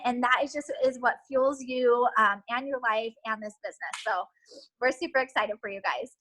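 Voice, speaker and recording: A woman's voice: high voice, normal speed, pushed and bright, rough recording. A woman giving an earnest, emotional motivational pep talk to new team members over a video call, with many ums. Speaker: team leader giving a training.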